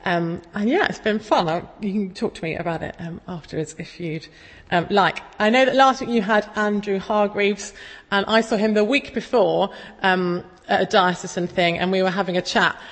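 A woman, giving a casual, chatty sermon full of self-deprecating stories. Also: medium pitch. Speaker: preacher. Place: church. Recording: long echo of a church hall.

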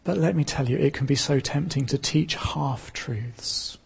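Gravelly-voiced man preaching. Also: mid-range voice, big-room sound. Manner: earnest preaching with pauses and emphatic repetition. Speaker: pastor. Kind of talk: sermon.

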